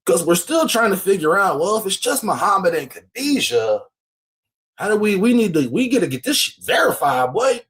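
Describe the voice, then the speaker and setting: A man putting on a jittery young man who pours out his words in loose slang. His voice sits high and swings wildly up and down. He pleads and rambles in a breathless rush. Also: very animated, moderate pace, fairly bright tone. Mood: boastful.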